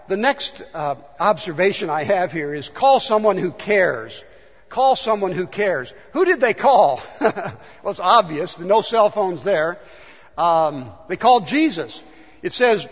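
Animated high-voiced pastor preaching in a hall. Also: male voice. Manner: animated, acts out the disciples' complaints. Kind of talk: sermon. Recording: dull sound with long hall reverb.

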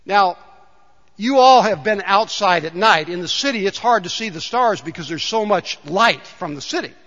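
A pastor with a high-pitched, slightly bright voice preaches a conversational sermon in a church sanctuary, his intonation lively and his pace moderate. He often puts questions to the congregation. The church recording sounds dull and reverberant.

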